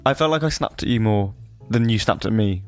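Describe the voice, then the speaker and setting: A man's voice: lowish voice, expressive, brisk, clear, resonant tone, soft background music. A man who is a filmmaker and podcast guest, bantering in a dry, self-deprecating way. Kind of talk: casual podcast chat.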